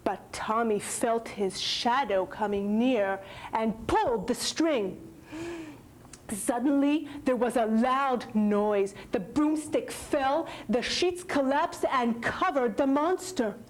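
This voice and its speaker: A woman telling a children's story, slow and expressive, sometimes dropping to a whisper. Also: a little high, rough recording.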